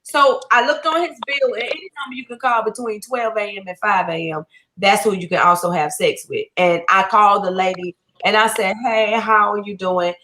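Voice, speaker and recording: A guest comedian with a mid-range voice tells a story fairly quickly over an online video chat, animatedly acting out the voices of the people in it. There is slight background noise.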